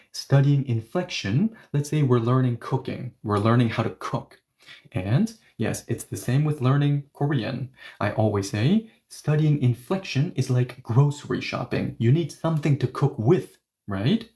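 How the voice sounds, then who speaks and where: A man's voice: mid-range voice, animated, normal speed, mellow. A man teaching a language lesson online, explaining points emphatically and repeating example phrases.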